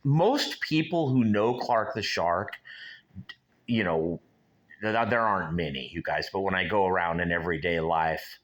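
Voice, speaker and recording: Rambling man in his sixties, bright voice. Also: low-pitched. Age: 60s. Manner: rambling, musing, talks to viewers directly. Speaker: show host. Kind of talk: casual solo vlog chat.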